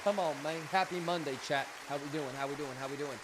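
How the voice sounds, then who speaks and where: A man hosting a casual livestream, energetic and profane, joking with his chat and coaching them with lots of repetition. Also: fairly high pitch, fast talker, background noise. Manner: coaching, repeats himself. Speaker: livestream host.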